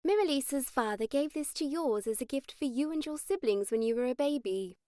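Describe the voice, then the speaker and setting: A woman's voice: high voice, expressive, brisk, dark tone, no echo. A woman voicing a wry female mage who is fond of pranks, in dry, amused audiobook dialogue.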